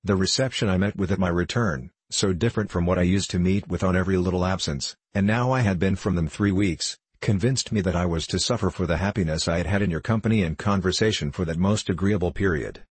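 Deep, husky male audiobook narrator. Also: fast talker, few pauses, no room sound. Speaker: audiobook reader. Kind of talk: scripted narration of a period novel.

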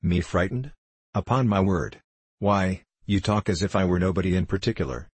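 Psammead, a man voicing a grumpy husky sand fairy. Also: sits low, normal speed, a little mellow, dry recording. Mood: cross. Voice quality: dry husky voice. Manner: cross, scornful and impatient. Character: grumpy ancient furry sand fairy, male. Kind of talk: storybook reading.

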